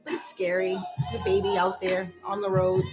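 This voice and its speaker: A woman's voice: mid-range voice, moderate pace, rough recording. A woman, chatting animatedly with her dance fitness class and telling stories. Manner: chatty, animated storytelling with whoops and laughs. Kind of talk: casual chat to a live class. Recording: music playing behind.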